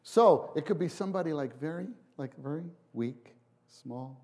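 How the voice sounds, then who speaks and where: Animated male preacher. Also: a little high. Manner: animated, acts out quotes with big voice jumps; halting restarts, repeats words. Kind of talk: sermon.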